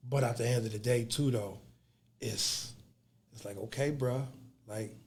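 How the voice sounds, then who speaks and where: A man's voice: medium pitch, unhurried. A man hosting a podcast, talking casually and reflectively, restarting phrases as he thinks, with slang like "bruh". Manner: reflective, repeats words as he searches. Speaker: podcast host. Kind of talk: casual conversation.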